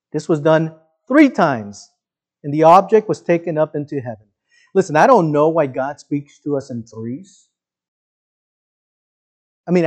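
A man preaching a sermon with a slightly high voice. He talks in a conversational way and keeps checking in with his listeners. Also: a little mellow. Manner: conversational, asks the congregation questions. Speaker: pastor.

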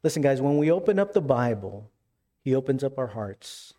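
Animated man preaching a sermon. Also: moderate pace. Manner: animated, rises in pitch when retelling scenes. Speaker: pastor.

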